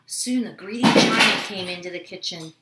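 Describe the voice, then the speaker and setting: A woman reading a children's storybook aloud at home, expressive and animated. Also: medium pitch, normal speed, roomy sound, heavy background noise. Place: home room with dogs.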